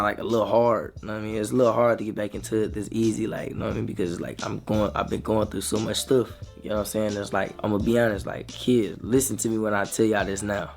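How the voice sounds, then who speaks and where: A young man, telling a rambling, slangy storytime to his viewers that grows animated as he retells it. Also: on the low side, creaky. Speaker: vlogger. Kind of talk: casual storytime.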